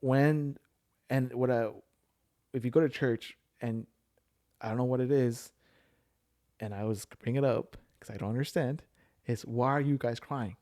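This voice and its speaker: A man's voice: mid-range voice, fairly even intonation, a little slow, pauses often, dark tone. A man, telling a personal story in casual chat, full of fillers and restarts. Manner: rambling storyteller with many fillers. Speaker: podcast guest sharing his story.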